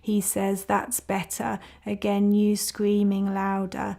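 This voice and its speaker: A woman giving a spoken-word performance reading, in a flat, measured second-person recitation. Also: mid-range voice, creaky.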